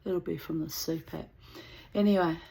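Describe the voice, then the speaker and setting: A woman vlogger telling a personal story to camera in a blunt, profane, animated way. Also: lowish voice, normal speed, creaky.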